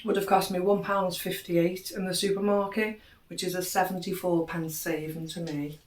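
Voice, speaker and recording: A woman's voice: fairly low pitch, level tone, moderate pace. A middle-aged woman chatting casually through a grocery haul, cheerfully tallying prices and savings. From United Kingdom. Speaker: vlogger. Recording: roomy echo, distant mic, faint noise.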